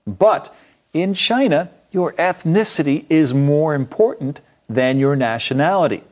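A man's voice: medium pitch, darkish tone. A man co-hosts a short English lesson, reading a scripted dialogue. He explains terms in a friendly, plain way. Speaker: English teacher, co-host.

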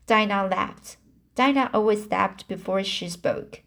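A woman reading a novel aloud, slow and halting, stumbling and restarting on hard words. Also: medium pitch, vocal fry, a bit bright. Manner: apologizes for mistakes. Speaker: reader. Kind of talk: amateur audiobook reading.

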